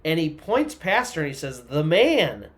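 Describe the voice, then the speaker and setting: Casual male storyteller, slightly high voice. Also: big pitch swings, moderate pace, a bit bright. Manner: conversational, loose, full of "you know" and "kinda".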